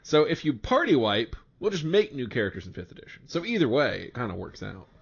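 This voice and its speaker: A man's voice: mid-range voice, big pitch swings, fast, vocal fry, husky. A man in a mid-range voice, running a tabletop game and tossing out crude, joking asides. The podcast audio is dull and lo-fi. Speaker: game master. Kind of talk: casual podcast banter.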